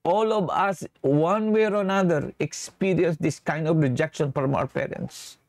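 A man's voice: fairly high pitch, moderate pace, gravelly, darkish tone, no echo. Man giving a sermon in mixed English and Tagalog, regularly asks the congregation "okay?", dry close recording. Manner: switches between English and Tagalog mid-sentence. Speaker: preacher.

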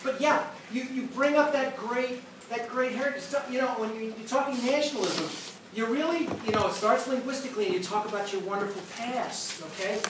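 A man teaching history, lecturing and answering student questions with lively storytelling and frequent restarts. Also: extremely high pitch, a little fast. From United States. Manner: animated storyteller, repeats words when starting sentences. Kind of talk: classroom lecture and Q&A. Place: classroom. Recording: echoey classroom recorded from far off with noise.

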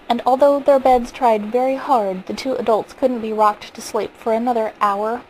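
A woman reading a short story aloud in a calm, measured storytelling manner. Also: fairly high pitch, slight background noise, poor audio. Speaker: reader.

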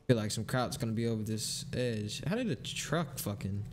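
A man giving joking, profane let's play commentary and reacting out loud as he plays. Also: fairly low pitch, lively intonation, normal speed, slight background noise. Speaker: gaming channel host. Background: game music.

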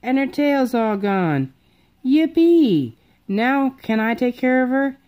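A woman's voice: fairly high pitch, measured pace, darkish tone, voice pushed up, close to an everyday voice. A woman voicing an eager, clumsy young boy frog in a storybook read-aloud, bouncy and a little whiny. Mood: excited.

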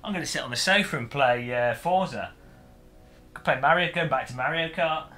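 A man's voice: mid-range voice, a little fast, bright, forceful tone, faint music behind. A man on a casual livestream, joking, swearing and mocking himself while setting up gear. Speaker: streamer.

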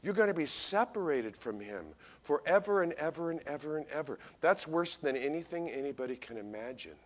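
A man preaching a Christmas sermon as pastor, folksy and animated, talking straight to his congregation and swinging from loud to hushed. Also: on the high side, brisk. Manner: folksy, addresses congregation directly.

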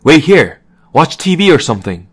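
A man voicing a kind, gentle young man who speaks in a friendly, natural way. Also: medium pitch, fairly quick, voice pushed up, natural voice.

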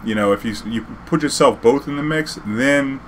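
A man telling a story casually, profane and animated, acting out a heated argument. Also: medium pitch, normal speed, a little hiss or hum.

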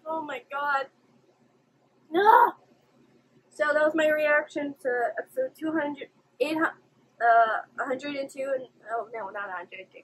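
A woman's voice: high voice, normal speed, a bit bright, low-quality recording. A young woman hosting an anime reaction video, emotional and exclamatory, swearing now and then. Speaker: reaction channel host.

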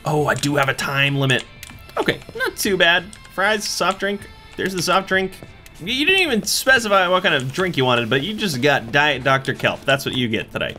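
A man's voice: on the high side, big pitch swings, moderate pace, pushed and bright, faint music behind. A young man in playful let's-play commentary, chatting through a cooking game and greeting customers in a cheery service voice. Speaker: gaming YouTuber.

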